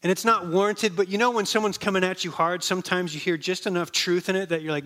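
A man preaching a sermon with a slightly high voice, telling stories in a relaxed, conversational way. He slows down and softens on the words he wants to land. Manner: conversational storytelling, drops soft and slow on key words. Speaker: pastor. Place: church.

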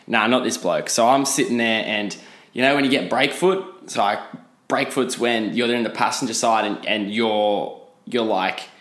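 A man's voice: on the low side, moderate pace, fairly bright tone. A young Australian man telling a casual story in a rambling, sweary way, often cutting himself off mid-sentence. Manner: rambling, sweary, self-interrupting. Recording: roomy echo.

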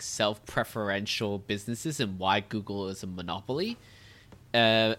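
A man's voice: medium pitch, a bit bright. A man in casual conversation, talking in a rambling way with many fillers and restarts. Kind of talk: casual chat.

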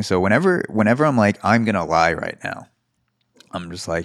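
A man's voice: sits low, normal speed, no room sound, clean studio sound. A man hosting a solo podcast, giving rambling, sarcastic comedic commentary full of mock quotes. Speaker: podcast host.

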